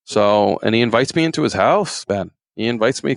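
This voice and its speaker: A man's voice: medium pitch, expressive, moderate pace, vocal fry, no room sound. A middle-aged man, a retired game warden, telling folksy, rambling stories in an interview and acting out quotes in raised voices. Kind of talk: casual storytelling interview.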